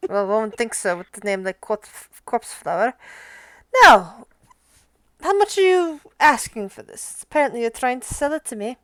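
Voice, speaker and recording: A woman's voice: fairly high pitch, lively intonation, normal speed, no echo, close to an everyday voice. A woman voicing a polite male merchant prince who trades with adventurers. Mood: curious. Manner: courteous, gracious.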